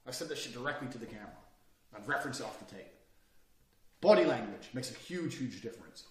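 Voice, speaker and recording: A man's voice: medium pitch, lively intonation, fast talker, darkish tone, reverberant, distant mic, rough recording. A man teaching an online course, blunt, combative and full of swearing. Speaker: course instructor.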